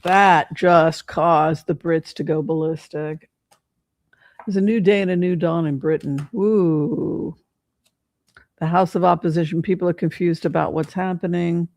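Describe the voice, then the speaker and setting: A tarot reader hosts a casual stream, talking in a meandering, halting way, full of "um"s and restarts. The voice sits at a middle pitch. The sound is dry, with no room echo. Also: steady tone, vocal fry, darkish tone. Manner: rambling, hesitant, many fillers and restarts. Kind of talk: casual livestream commentary with tarot reading.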